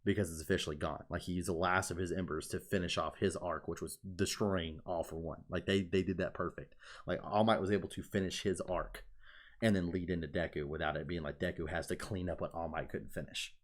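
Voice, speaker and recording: Low-voiced man in casual, swearing podcast chat. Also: brisk. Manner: excited, swears freely, many "like" fillers. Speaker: podcast co-host.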